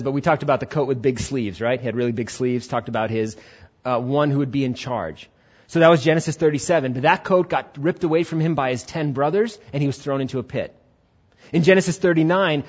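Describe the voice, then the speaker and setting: A male pastor gives an animated sermon and acts out the people he quotes. His voice sits fairly high for a man. The recording sounds dull and lo-fi.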